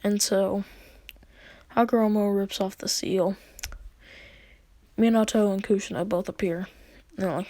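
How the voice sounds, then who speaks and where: A woman casually retelling a fan story in a rambling way, with fillers and hushed asides. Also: medium pitch, fairly even intonation, measured pace, long pauses, dry recording.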